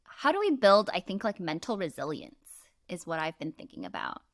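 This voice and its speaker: A woman in her thirties co-hosting a podcast, telling stories in a chatty, animated way with lots of "like". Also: lowish voice, a little fast, no echo, studio quality. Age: 30s. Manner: chatty, animated storytelling with frequent "like". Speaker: podcast co-host. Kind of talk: casual chat.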